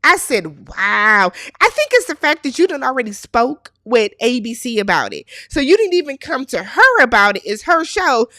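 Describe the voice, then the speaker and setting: A woman's voice: on the high side, very animated, moderate pace, hardly any pauses, sharp tone, no echo, clean studio sound. A woman hosting a casual TV recap, chatty and opinionated, acting out the characters' lines as she goes. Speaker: recap host.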